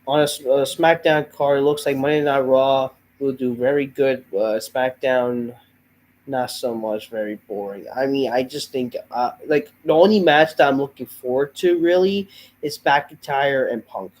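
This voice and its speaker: A man's voice: medium pitch, normal speed, darkish tone, a little hiss or hum, rough recording. Exasperated man ranting, voice worn out. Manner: profane, exasperated, sighing. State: under the weather, voice off. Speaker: host of a wrestling review show. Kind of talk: ranting show review.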